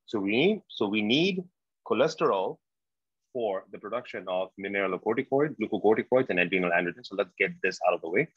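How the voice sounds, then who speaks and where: Man, medical lecturer, deep voice, slow and repetitive, quizzes students, muffled lo-fi sound. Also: animated, slightly rough, no room sound. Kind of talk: exam prep lecture. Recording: dull, dry lo-fi lecture recording.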